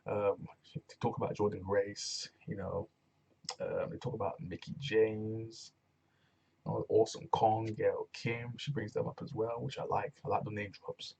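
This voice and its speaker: A man's voice: lowish voice, unhurried, gravelly, slightly rough. A man giving a casual, rambling review of a wrestling show, retelling segments with loose commentary. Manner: rambling, animated retelling with acted quotes and laughs.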